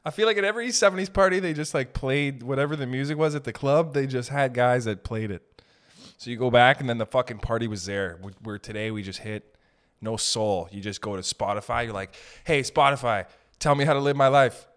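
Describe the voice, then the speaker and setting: A man's voice: mid-range voice, a little fast. A man hosting a solo podcast, riffing in a rambling, profane comedic monologue. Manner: rambling, profane, tangent-hopping. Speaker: podcast host.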